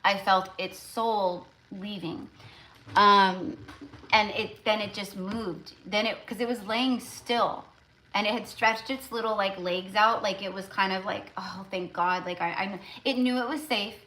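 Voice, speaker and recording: A woman's voice: mid-range voice, fairly even intonation, a little slow, bright, forceful tone. A woman tarot reader talking casually on a live stream, rambling and emotional, with lots of fillers.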